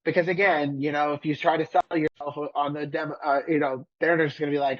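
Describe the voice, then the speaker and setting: Trainer coaching in a mid-pitched voice. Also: flat delivery, quick pace, few pauses, lo-fi sound. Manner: affirming, coaching. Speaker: sales trainer. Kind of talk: training session.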